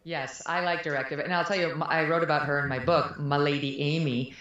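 Frank woman with a low voice in an echoey room. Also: fairly quick, highs cut off. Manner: frank and animated, laughing often. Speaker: guest. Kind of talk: candid conversational interview.

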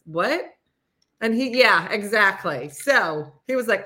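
A woman's voice: mid-range voice, expressive, a little slow, sharp tone. A woman hosting a casual morning live stream, chatty and rambling, laughing often and reading viewer comments aloud.

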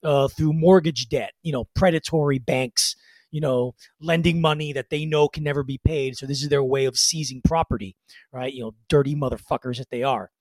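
A man's voice: mid-range voice, fairly even intonation, moderate pace, dry recording. Rambling male podcast co-host, dry sound. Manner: rambling, loose delivery with many fillers. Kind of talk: casual chat about music history.

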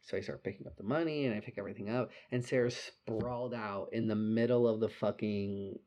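A young man telling a drunken night-out story in casual chat, animated and full of "like" and swearing. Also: on the low side, fairly quick.

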